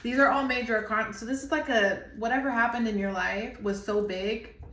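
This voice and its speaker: A woman in her thirties gives a heartfelt tarot reading, her voice sitting a little high. She rambles and restarts as she reaches for the right words, getting emotional along the way. The recording carries a noticeable room echo. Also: steady tone, normal speed, fairly bright tone, slight background noise. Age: 30s. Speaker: tarot reader. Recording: echoey room.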